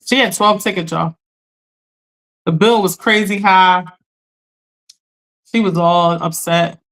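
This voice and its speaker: A woman hosting a live stream, telling a story in an animated, chatty way, talking straight to her viewers and laughing often. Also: fairly low pitch, slow pace. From Philadelphia. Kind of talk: casual storytelling to a live audience.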